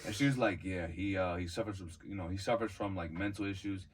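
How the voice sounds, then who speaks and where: Fast-talking man. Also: low voice, husky, far from the mic. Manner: animated, profane, acts out quoted voices. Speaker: podcast co-host. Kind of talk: casual storytelling chat.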